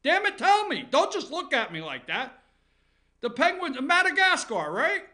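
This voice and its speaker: A man's voice: extremely high pitch, very animated, normal speed, pushed and bright. A man hosting a comic headline countdown from an office, sarcastic, rambling and profane. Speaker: comedy news host.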